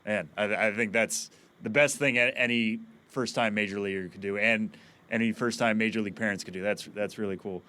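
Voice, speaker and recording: A man's voice: on the low side, fairly even intonation, a little fast, sharp tone. A man hosting a podcast, asking friendly, chatty questions in a casual interview. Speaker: podcast host.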